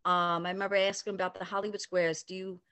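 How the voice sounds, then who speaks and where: Older woman telling a lively anecdote. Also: fairly low pitch, quick pace, smooth, no room sound. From New York area. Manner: animated, acts out quoted voices. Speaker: storyteller recounting a personal memory. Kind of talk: casual anecdote.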